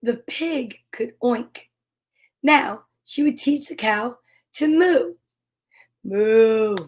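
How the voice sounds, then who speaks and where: A woman's voice: high-pitched, slow pace, slightly rough. A woman reading a children's picture book aloud in a playful way, with animal noises. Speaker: children's storyteller.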